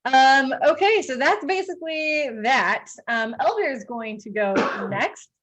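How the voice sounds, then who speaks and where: A woman's voice: sits high, lively intonation, a little slow, fairly bright tone. A woman narrating a tabletop game as dungeon master, rambling with many fillers and frequent giggles.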